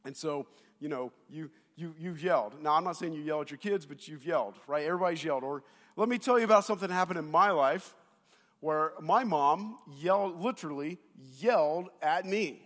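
A man preaching a sermon to his congregation on a lapel mic, telling stories in an animated way and speaking straight to the people in front of him. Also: on the high side, brisk. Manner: animated storytelling, addresses the congregation directly. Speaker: pastor. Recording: long reverb of a big hall.

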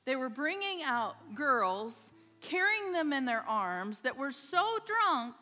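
A woman's voice: high voice, sing-song, slow pace, bright, forceful tone, long reverb tail, faint music behind. A woman preaching a sermon in church, telling a story and checking in with the congregation. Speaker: pastor's wife preaching. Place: church sanctuary.

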